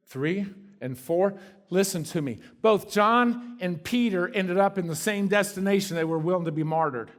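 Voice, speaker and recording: A guest preacher from Kentucky delivers a sermon in a church sanctuary. His voice is slightly high, and his conversational preaching suddenly drops to a soft hush.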